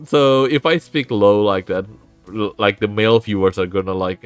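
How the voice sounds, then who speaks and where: A man's voice: on the low side, unhurried, clean tone, no echo, faint music behind. A man with a sore throat, hosting a casual live stream, rambling and often interrupting himself. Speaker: VTuber streamer and host.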